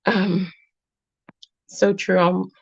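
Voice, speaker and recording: A woman's voice: medium pitch, level tone, extremely slow, gravelly, breathy edge, dry recording. A woman in her thirties hosting a heartfelt live chat with viewers. She talks earnestly, drifts off topic and back, and comes close to tears. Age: 30s. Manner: emotional, warm, close to tears. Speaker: live-stream host. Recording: dull, dry, lo-fi sound.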